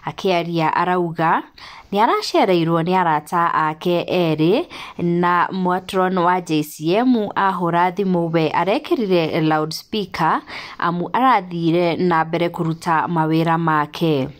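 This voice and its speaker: Woman, gossip news narration, slow and steady, lowish pitch.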